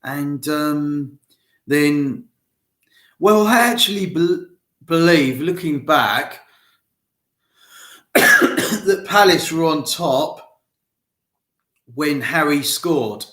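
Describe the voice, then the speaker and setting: A man's voice: a little high, expressive, very slow, long pauses, bright, forceful tone. A man chatting casually about football to fans in a rambling, direct way, with a nagging cough. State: has a cough. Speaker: football fan vlogger. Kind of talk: casual solo football chat. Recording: roomy echo.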